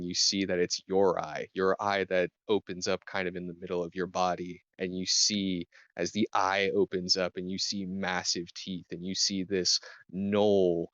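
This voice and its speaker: A man narrating a tabletop game as game master, talking in a slow, halting way with lots of fillers. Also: deep voice, a bit bright, dry recording, highs cut off.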